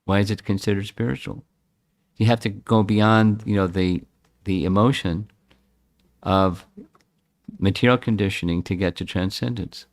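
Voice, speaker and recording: A man's voice: lowish voice, fairly even intonation, moderate pace, no room sound. A man in his seventies giving a devotional scripture talk in a reflective way, often repeating and restarting words. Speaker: scripture class speaker.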